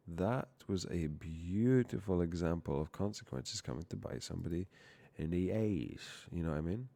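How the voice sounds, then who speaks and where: This young man's voice is low and gravelly with a dark tone, moving at a moderate pace with hardly any pauses and no echo. Streaming as he codes, he chats casually, curses freely, and keeps cutting himself off mid-word.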